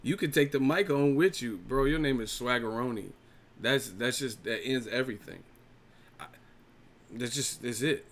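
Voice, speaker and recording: A man's voice: medium pitch, moderate pace. A man hosting a boxing live-stream chat, ranting and mocking viewers with lots of swearing. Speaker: boxing channel host.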